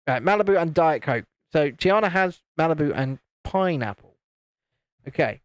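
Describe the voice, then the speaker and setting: A man's voice: on the high side, lively intonation, moderate pace, clear, resonant tone, dry recording. A man from the UK hosting a casual livestream, chatting and reading out viewer comments while he builds a model. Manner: chatty, reads out viewer comments, chuckles often. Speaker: livestream host.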